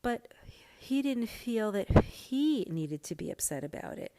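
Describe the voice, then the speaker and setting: A middle-aged woman hosting a podcast, telling a personal story in a casual, animated way. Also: medium pitch, a little slow, no echo. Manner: animated, vents with rising heat. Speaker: podcast host.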